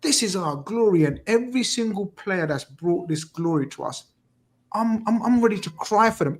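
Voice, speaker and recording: Middle-aged male podcast host, high voice, emphatic, swears a lot, casual football chat. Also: moderate pace. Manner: animated, emphatic, swears often.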